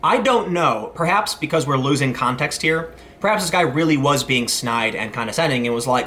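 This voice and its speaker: A man's voice: medium pitch, lively intonation, normal speed, pushed and bright, a little hiss or hum. A man in his thirties hosting a casual commentary vlog, rambling with many restarts and asides. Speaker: commentary host.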